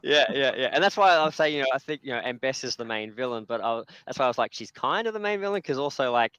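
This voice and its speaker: A man's voice: medium pitch, animated, quick pace, a bit bright, clean tone, no room sound, highs cut off. A man hosting a casual chat, rambling with many fillers and restarts. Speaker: podcast host.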